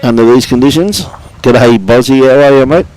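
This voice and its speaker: A man's voice: mid-range voice, moderate pace, darkish tone, rough recording. An older Australian man commentating live lawn bowls in a chatty, matey way, greeting online viewers by name and chuckling often. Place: outdoor bowls club green.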